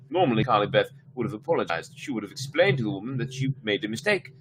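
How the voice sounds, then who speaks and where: A man with a fairly low voice reads a children's horror book aloud to his family over a live stream. He trips over words and fixes them as he goes, and now and then drifts off into casual chat. A faint hum of room ambience sits under the voice. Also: very animated, fast, hardly any pauses, a bit bright. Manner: reads with frequent slips and restarts, breaks off to chat. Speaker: storyteller reading aloud to his mother.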